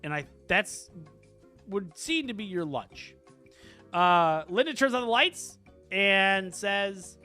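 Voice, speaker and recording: Man, game master, rambling playful narration, high voice, bright tone. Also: lively intonation, slow, clean tone, soft background music. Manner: rambling, playful, with frequent fillers. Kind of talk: narrating a comedic tabletop game.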